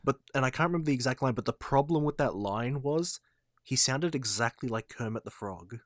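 A man's voice: mid-range voice, animated, fairly quick, no echo, studio quality. A man in a casual film review chat, thoughtful and a little rambling. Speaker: podcast co-host.

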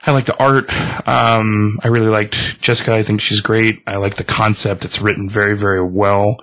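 Gravelly-voiced man recapping a comic. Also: fairly low pitch, level tone, normal speed, a bit bright. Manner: retells the plot with many fillers. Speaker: comic book reviewer. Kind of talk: casual recap and review.

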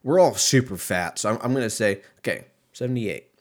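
A man's voice: lowish voice, animated, a little fast. A young man hosting a solo podcast, rambling in a profane, self-mocking way as he talks. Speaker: podcast host. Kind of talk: casual solo podcast rant.

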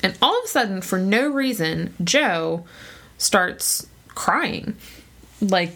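A woman co-hosting a casual chat, telling a story with frequent laughs and lively quoted voices. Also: medium pitch, takes it slowly, vocal fry. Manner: chatty, laughs often, lively quoting voices. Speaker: podcast co-host telling a true story.

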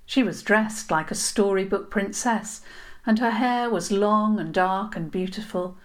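A woman narrating a children's story in a gentle, unhurried way. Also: mid-range voice.

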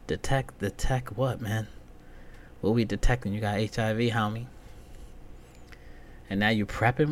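A man's voice: on the low side, steady tone, fairly quick, pauses often, slight background noise. Profane, rambling man telling a story. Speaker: podcast host. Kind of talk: casual storytelling monologue.

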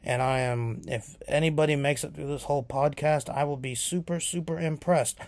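A man's voice: fairly high pitch, fairly even intonation, moderate pace, a little mellow, dry recording. A man hosting his own podcast, rambling casually with many fillers. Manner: rambling, lots of filler ums. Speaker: podcast host.

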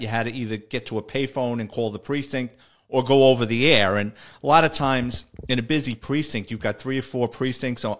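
A man's voice: mid-range voice, fairly bright tone. A middle-aged man, a retired police officer telling old stories in a casual, rambling way that doubles back on itself and chuckles along. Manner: rambling, restarts sentences, chuckles while telling. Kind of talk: casual storytelling.

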